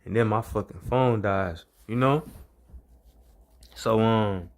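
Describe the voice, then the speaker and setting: A young man with a fairly low voice tells a personal story straight to the camera. He rambles and curses freely, circling back over the same phrases as he talks. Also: takes it slowly. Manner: rambling, profane, repeats phrases. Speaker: vlogger. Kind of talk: casual storytelling monologue.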